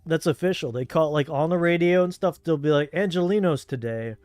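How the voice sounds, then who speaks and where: A man's voice: on the high side, fairly even intonation, fast, a little mellow, no room sound. A man from Southern California with a Southern Californian accent, streaming a game and chatting casually in a rambling, laid-back way. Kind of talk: casual chat while gaming.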